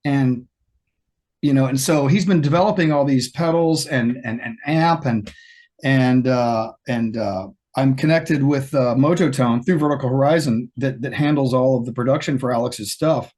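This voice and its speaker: A man being interviewed over a video call, telling lively stories and acting out the quoted lines. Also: moderate pace. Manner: animated storyteller, acts out quoted lines with a higher pitch. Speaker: guest guitarist. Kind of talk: storytelling in an interview.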